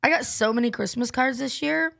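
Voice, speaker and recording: A woman co-host chats in a bubbly, rambling way. Her voice sits a little high and carries a gravelly, fry-laced texture. She laughs at herself as she goes. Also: brisk, fairly bright tone. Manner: bubbly, rambling, self-deprecating. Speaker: podcast co-host. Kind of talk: casual chat with a co-host.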